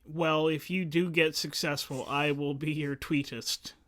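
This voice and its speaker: A man's voice: fairly high pitch, fairly even intonation, measured pace, fairly bright tone. A man hosting a podcast, chatting casually with dry jokes and wordplay. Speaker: podcast host. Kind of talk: casual chat.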